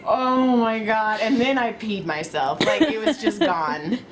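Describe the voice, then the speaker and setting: A woman's voice: a little high, animated, measured pace, a loud crowd. A woman in her thirties hosting a casual chat, joking and acting out quotes. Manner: jokey, acts out quotes. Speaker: podcast host and massage therapist.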